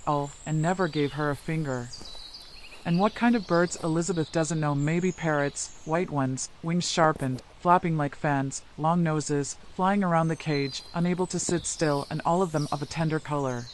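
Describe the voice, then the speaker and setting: A man's voice: on the high side, normal speed, slight background noise. Man telling a children's story. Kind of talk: scripted story narration.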